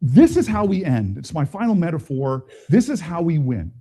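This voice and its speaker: A man's voice: fairly high pitch, big pitch swings, moderate pace, mellow, slightly rough. A middle-aged man, a politician, telling stories in a speech at a town hall, with quoted voices and chuckles.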